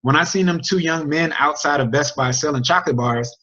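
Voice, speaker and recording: Male team coach, energetic storyteller, slightly high voice, muffled video call audio. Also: brisk. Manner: energetic, chatty, sports metaphors and crowd questions. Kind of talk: motivational storytelling to a group.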